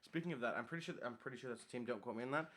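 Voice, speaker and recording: A young man co-hosting a casual podcast, chatty and quick to laugh, with lots of fillers. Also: mid-range voice, a bit bright. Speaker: podcast co-host. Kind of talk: casual chat.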